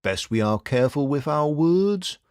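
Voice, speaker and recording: Man as a wry, steady detective. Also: fairly high pitch, normal speed, smooth, no echo, studio quality, pitched above the performer's own voice, natural voice. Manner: blunt, wry and reassuring. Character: shrewd, steady young male detective partner.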